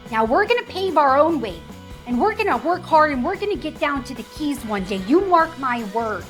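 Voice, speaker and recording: A stubborn housewife, as a woman puts her on, scolds a relative firmly over the phone in a fairly high voice. Clear music runs underneath. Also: lively intonation, normal speed, natural voice. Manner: firm, scolding, exasperated. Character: stubborn housewife arguing on a long-distance call.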